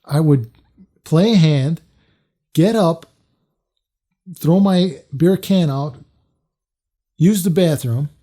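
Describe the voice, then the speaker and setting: A man's voice: on the high side, takes it slowly, long pauses, dark tone. A man telling a personal story to camera in a loose, casual way, full of fillers and restarts. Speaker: storytelling vlogger.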